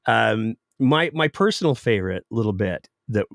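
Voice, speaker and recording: A man hosting a live political commentary show, sarcastic and animated. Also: on the low side, moderate pace, creaky, no echo, studio quality. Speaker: political podcast host.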